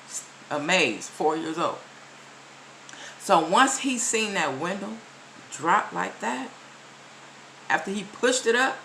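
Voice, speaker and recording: Addressing the camera in casual commentary, a woman vlogger forcefully lectures her audience and keeps repeating key phrases. She has a lowish, bright voice with vocal fry, and the rough recording carries a little hiss or hum.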